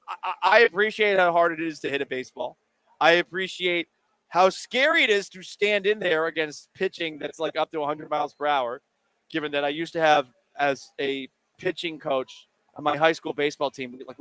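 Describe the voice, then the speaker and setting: A man's voice: on the high side, no room sound. A man hosting a sports radio show, chatting casually and joking with listeners' questions. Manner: animated, jokey, talks while eating. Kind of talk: casual call-in radio talk. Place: radio studio. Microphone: studio microphone.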